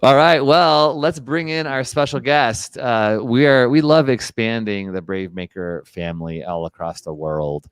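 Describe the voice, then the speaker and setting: A man co-hosting a live online chat show, upbeat and encouraging, with quick asides. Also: mid-range voice, fairly even intonation, clear, resonant tone, no echo. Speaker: co-host.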